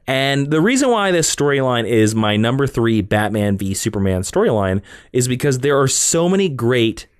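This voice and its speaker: A man's voice: medium pitch, big pitch swings, normal speed, smooth, no echo, studio quality. A man hosting a casual comic-book podcast, talking with enthusiasm and acting out character quotes. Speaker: podcast host.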